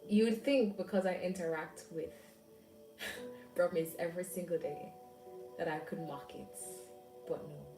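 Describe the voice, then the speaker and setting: A woman's voice: lowish voice, unhurried, pauses often, echoey room, recorded from a distance, music in the background, poor audio. A young woman with a Jamaican accent, chatting casually to her viewers with rambling asides and frequent laughs. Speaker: vlogger. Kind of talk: casual chat.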